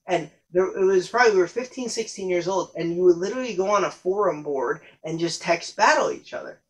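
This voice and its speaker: A man's voice: high voice, fairly quick, rough recording. A young man telling stories in a casual, rambling podcast monologue, with frequent profanity and self-corrections. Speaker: podcast host.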